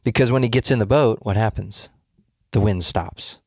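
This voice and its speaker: Low-voiced man explaining scripture. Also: moderate pace, darkish tone, breathy edge, no room sound, studio quality. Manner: thoughtful, explanatory, with frequent restarts. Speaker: Bible study co-host. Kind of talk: casual Bible study discussion.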